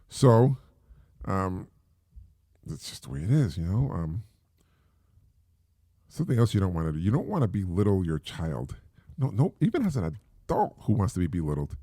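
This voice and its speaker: A man's voice: on the low side, dark tone, no room sound, clean studio sound. A middle-aged man hosting a solo podcast, talking in a rambling, casual way with many fillers and repeats. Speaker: podcast host.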